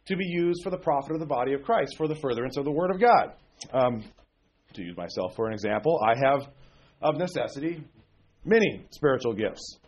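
A pastor with a weak voice, under the weather with a cold, preaching in a folksy, conversational way that keeps checking in with "okay?". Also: male voice, medium pitch, darkish tone, breathy edge. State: sick with a cold. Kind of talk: conversational sermon. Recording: dull lo-fi recording.

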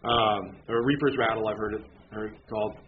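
A man's voice: on the low side, steady tone, a little fast. A man in his thirties, a pastor, giving a casual, rambling sermon with lots of restarts and self-deprecating asides. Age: 30s. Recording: muffled, noisy lo-fi recording.

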